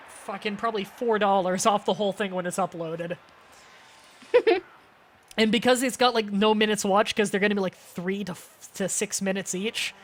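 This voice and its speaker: Animated, swearing young woman streamer. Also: on the high side. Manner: animated, profane, quick asides. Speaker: game streamer. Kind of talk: casual chat over gameplay.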